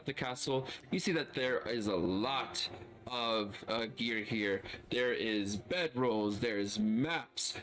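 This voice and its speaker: A man's voice: medium pitch, fairly bright tone. A man narrating a tabletop role-playing game as game master, describing scenes casually with many fillers.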